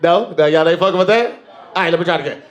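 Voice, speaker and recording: A man's voice: sits high, rapid-fire. A man with a St. Louis accent hosting a comedy show, trading loose, slangy banter with the crowd. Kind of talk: emceeing, chatting with the crowd.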